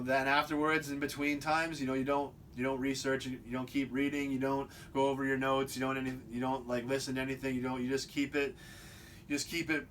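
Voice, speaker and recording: Casting: male host, loose unscripted monologue, mid-pitched, stumbles and restarts, faint rumble behind. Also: fairly bright tone. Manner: rambling, many restarts and repeats. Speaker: video host. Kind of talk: casual monologue.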